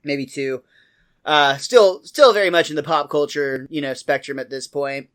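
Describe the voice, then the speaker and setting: Laughing podcast host recapping an episode. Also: male voice, a little high, normal speed, a bit bright, smooth. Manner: laughs often while retelling scenes.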